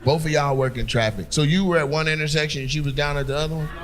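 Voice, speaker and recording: A man's voice: on the high side, fairly even intonation, fast talker. A man doing teasing, profane crowd work as a stand-up comedian on a club stage. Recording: live show with crowd noise. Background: audience laughter.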